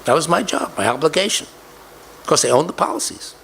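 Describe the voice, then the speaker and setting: An older man recounting a personal story, deliberately repeating key details for emphasis. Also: a little high, expressive, vocal fry, a bit bright, a little hiss or hum, poor audio. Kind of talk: storytelling speech.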